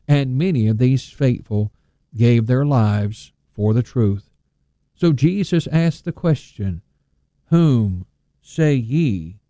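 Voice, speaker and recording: A man preaching a sermon, measured and emphatic, slowing down to stress scripture quotes. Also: mid-range voice, dark tone, no echo.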